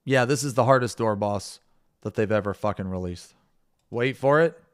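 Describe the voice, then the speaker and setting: A man with a fairly low, smooth voice streams a game live, commenting as he plays. He rants about the fight with heavy profanity and is quick to shout in frustration.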